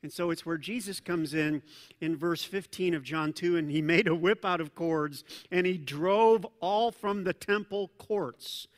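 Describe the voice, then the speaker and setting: A man's voice: fairly high pitch, measured pace. Man preaching in a reverberant church. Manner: conversational, animated preaching with asides and self-corrections. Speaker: pastor. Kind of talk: sermon. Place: church sanctuary. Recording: long reverb of a large church hall.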